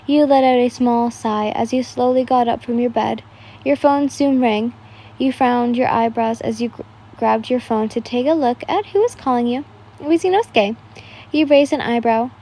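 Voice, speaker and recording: A woman's voice: on the high side, normal speed, warm tone. A young woman casually reading aloud a second-person fan story, stumbling and restarting now and then and swearing freely. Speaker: fan fiction reader.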